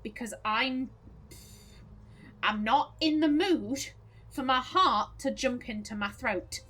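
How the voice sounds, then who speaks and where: A woman hosting a let's play, giving profane, jittery horror game commentary that swings between loud outbursts and hushed mutters. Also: high voice, slow pace, poor audio.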